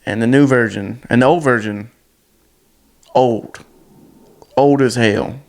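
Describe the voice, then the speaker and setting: A man's voice: mid-range voice, slow. Crude, rambling man recapping a film. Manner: rambling, crude, blunt retelling with many fillers. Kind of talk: casual movie recap.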